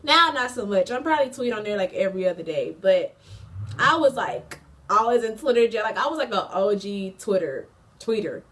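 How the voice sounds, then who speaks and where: A woman's voice: mid-range voice, moderate pace, distant mic. A young woman in her twenties, a college student, telling a casual storytime vlog with lots of fillers, slang and bursts of laughter. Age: 20s. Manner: chatty, slangy, frequent fillers; animated, laughs mid-story.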